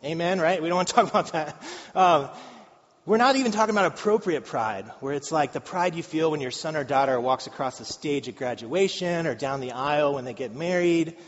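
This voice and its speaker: A man's voice: a little high, fairly quick. A man in his thirties preaching a sermon in a conversational, joking way, laughing often. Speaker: pastor. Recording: dull live recording in a reverberant hall.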